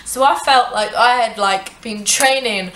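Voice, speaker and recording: A young woman telling a storytime vlog, animated and sweary, with many "like" fillers. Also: fairly high pitch, measured pace, background noise. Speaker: vlogger. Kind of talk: casual storytime narration. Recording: echoey room.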